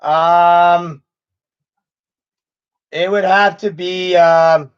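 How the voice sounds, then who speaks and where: Slow-talking man in his thirties, high voice. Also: steady tone, clear, resonant tone, highs cut off. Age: 30s. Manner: rambling, with frequent restarts. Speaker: channel host. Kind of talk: casual live Q&A chat.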